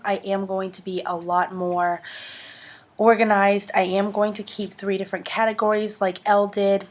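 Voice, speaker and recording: A young adult woman with a nasal voice from a cold, chatting casually and rambling a little as a beauty vlogger. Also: mid-range voice. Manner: chatty, rambling, quick asides. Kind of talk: casual vlog chat.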